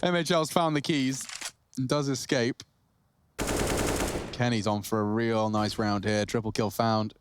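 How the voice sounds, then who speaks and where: A man's voice: medium pitch, steady tone, unhurried, pauses often, background noise. A man giving playful, teasing color commentary on a competitive shooter match.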